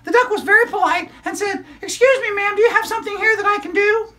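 Claudia, a man doing a squeaky puppet girl. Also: bright, forceful tone. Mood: excited. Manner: eager, rushing storyteller, high squeaky voice. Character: perky, chatty female puppet sidekick. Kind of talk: children's puppet show.

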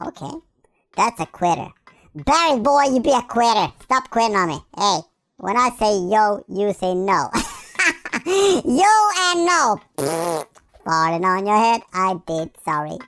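A man's voice: high voice, very animated, unhurried, fairly bright tone, no echo, full character voice, low-quality recording. A man voicing a cheeky baby hedgehog in playful gameplay commentary, full of silly rhymes and nonsense words. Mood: teasing. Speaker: game player.

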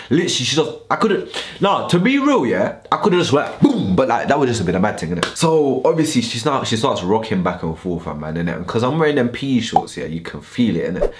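A man's voice: medium pitch, very noisy. A young man telling a storytime vlog in heavy slang, acting out the voices in his story. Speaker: YouTuber.

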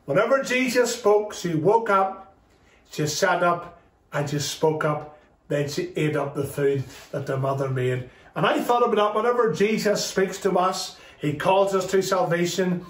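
A man's voice: unhurried, far from the mic. A man teaching a children's Sunday school lesson, telling a Bible story and acting out the dialogue as he goes. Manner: storytelling, quoting dialogue with lively shifts in pitch. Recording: roomy, from off-mic.

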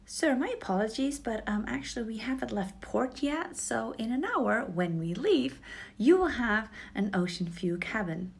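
A woman calmly retelling a story from her guest services job, quoting an angry guest. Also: a little high, normal speed, creaky, husky. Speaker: former cruise ship guest services worker.

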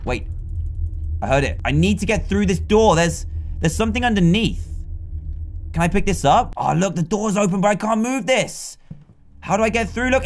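A British man hosting a gaming video, giving excitable let's-play commentary that breaks into panicked shouts. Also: sits high. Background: faint game music.

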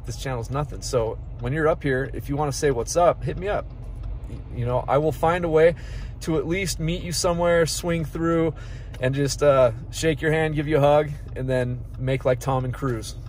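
A man's voice: mid-range voice, a little hiss or hum. A man chatting casually to his viewers while driving, upbeat and friendly. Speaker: local vlogger. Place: inside a car on a town road.

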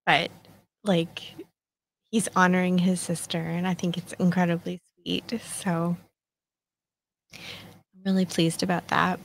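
A woman's voice: on the low side, little pitch movement, slow, gravelly, pauses often. Chatty self-mocking woman in her fifties. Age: 50s. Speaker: podcast host. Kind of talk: casual solo chat.

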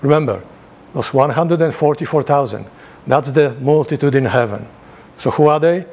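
A priest leading a Bible study in a church, reading scripture aloud in a lifted voice and then explaining it in plain, conversational asides with rhetorical questions. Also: male voice, medium pitch, normal speed, a little mellow.

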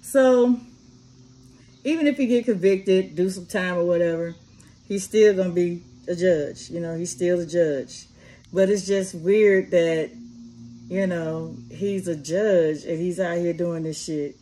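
A woman's voice: lowish voice, measured pace. A woman vlogger who drives a party bus, giving casual commentary full of swearing and laughter, imitating gunfire as she talks. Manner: animated, swears a lot, laughs often, mimics gunfire. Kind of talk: casual profane commentary on a news story. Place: sitting and resting after work.

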